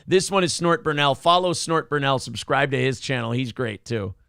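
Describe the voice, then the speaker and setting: A man's voice: medium pitch, lively intonation, normal speed, creaky, pushed and bright, clear, resonant tone, soft background music. A man hosting a morning talk show, sarcastically mocking a streamer's rage while laughing often. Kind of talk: mocking casual commentary.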